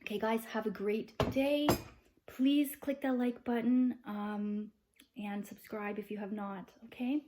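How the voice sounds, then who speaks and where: A woman's voice: a little high, steady tone, a little slow, background noise, close to an everyday voice. A woman voicing a pampered, haughty princess in a put-on accent, in a casual home vlog. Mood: grand. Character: pampered self-styled princess, adult woman.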